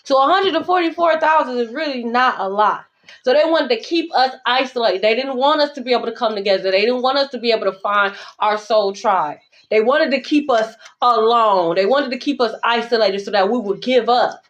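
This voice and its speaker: A woman's voice: on the high side, a little fast. A woman tarot reader talking to her viewers in a casual spiritual monologue, blunt, profane and emphatic. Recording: dull lo-fi recording.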